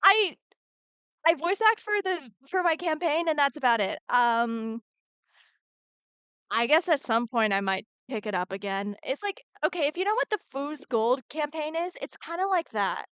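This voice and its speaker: A woman's voice: sits high, animated, normal speed, fairly bright tone, no room sound. A woman streaming as she draws, chatting in a bubbly way, answering her chat and muttering to herself as she works. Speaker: art streamer. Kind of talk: casual live-stream chat while drawing.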